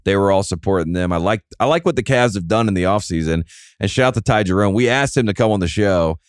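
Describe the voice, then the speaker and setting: A man's voice: on the low side, quick pace, no echo, clean studio sound. A man hosting a casual sports podcast, rambling and self-mocking, with lots of fillers and restarts. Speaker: podcast host.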